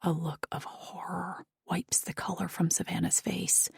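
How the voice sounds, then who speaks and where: A woman narrates an audiobook in a soft, hushed way. Her voice is low and breathy-husky. The sound is dry and close. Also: little pitch movement, unhurried, hardly any pauses, no room sound, in a whisper.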